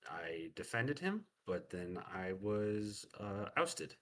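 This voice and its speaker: A man voicing a battered, stoic male warrior who talks down his own pain in a calm, understated way. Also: on the low side, slow pace. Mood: reassuring.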